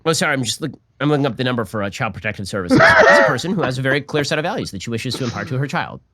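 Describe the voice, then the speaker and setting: Sardonic fast-talking man commentator. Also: medium pitch, expressive, bright, forceful tone, dry recording, clean studio sound. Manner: sardonic, rapid-fire and mocking. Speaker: political commentator. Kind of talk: fast reaction commentary on clips.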